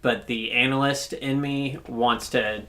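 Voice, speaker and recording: A man's voice: medium pitch, fairly even intonation, unhurried, noisy background. A man co-hosting a podcast, chatting casually about football with many fillers and restarts. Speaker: podcast co-host. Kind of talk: casual sports chat.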